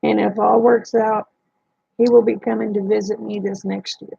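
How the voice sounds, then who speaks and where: A woman's voice: medium pitch, flat delivery, normal speed, gravelly, dark tone, husky, dry recording. A woman hosting a livestream, telling a personal story in a plain-spoken way and retelling the dialogue. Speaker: livestream host. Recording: dull lo-fi dry sound.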